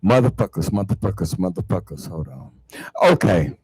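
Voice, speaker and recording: A man hosting his own show, ranting heatedly to viewers about religion and spirituality, swearing a lot and repeating words, swinging from low mutters to loud outbursts. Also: expressive, moderate pace, breathy edge, no echo, rough recording. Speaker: online show host. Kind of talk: profane spiritual rant to viewers.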